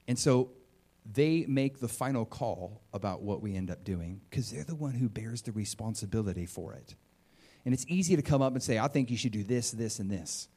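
A man preaching a sermon in an animated, conversational way, often acting out what people say. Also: medium pitch. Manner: animated and conversational, acts out quotes.

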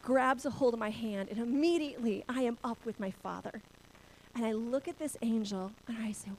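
A middle-aged woman shares a personal faith testimony with deep emotion, her voice sitting somewhat high. She laughs through the hard moments of the story. A faint ambient hum runs behind her. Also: normal speed, poor audio.

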